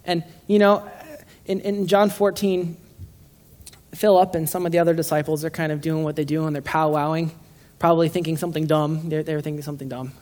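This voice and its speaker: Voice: mid-range voice, level tone, a little fast, darkish tone. A laid-back preacher addressing a congregation in a room, talking in an easy, joking way. The delivery is full of stumbles and restarts, with a voice that sits in a middle register. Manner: informal and joking, with frequent restarts. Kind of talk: casual conversational sermon.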